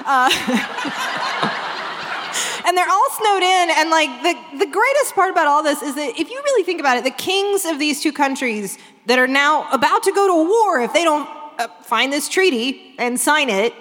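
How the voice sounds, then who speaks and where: Laughing high-voiced woman, live stage. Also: lively intonation, fairly bright tone. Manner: laughing, quick wry commentary. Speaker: co-host. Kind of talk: live comedic movie discussion. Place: stage before a live audience. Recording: live stage recording with long hall reverb.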